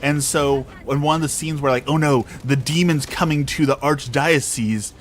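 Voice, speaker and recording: Sarcastic man ranting, higher voice. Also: normal speed, slight background noise. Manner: sarcastic, mocking; exasperated. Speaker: streamer. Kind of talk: casual rant to a live audience.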